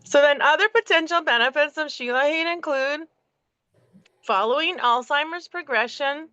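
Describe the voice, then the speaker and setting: A woman's voice: high-pitched, normal speed, sharp tone, no room sound. A middle-aged woman hosting a casual podcast, reading aloud and chatting, profane and laughing at herself. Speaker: podcast host. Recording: dull, dry lo-fi audio.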